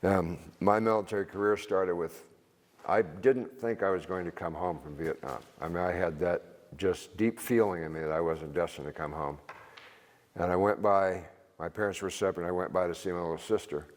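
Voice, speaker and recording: A man's voice: low-pitched, normal speed. An older man, a retired Army veteran, giving an informal seminar talk to a church group, rambling and plain-spoken and chuckling at his own stories. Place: church hall. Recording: reverberant hall.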